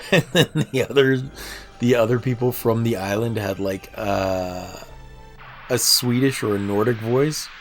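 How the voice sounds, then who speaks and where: Low-voiced streamer with a sore throat. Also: male voice. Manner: chatty, self-deprecating, laughs often. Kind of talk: casual gameplay livestream chat.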